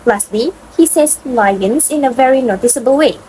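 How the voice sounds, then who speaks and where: A woman student reads out her prepared analysis of pronunciation. Her voice sits fairly high, and she delivers it steadily, as though from a script. Faint noise lies behind it. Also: moderate pace, mellow, rough recording. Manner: scripted, explanatory. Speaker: student presenter.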